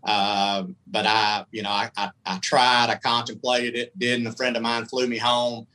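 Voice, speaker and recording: This middle-aged man spins a long, candid tale in a folksy, rambling manner. His voice has a bright, forceful edge and sits at an ordinary pitch for a man. He talks loosely, like a guest at ease. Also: flat delivery, a little slow, poor audio. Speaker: guest, country singer. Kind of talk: casual storytelling.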